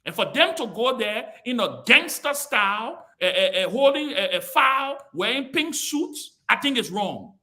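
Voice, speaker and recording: A man's voice: extremely high pitch, sing-song, normal speed, hardly any pauses, pushed and bright. A man chairing a political talk show over a video call, emphatic and scolding, repeating himself for stress.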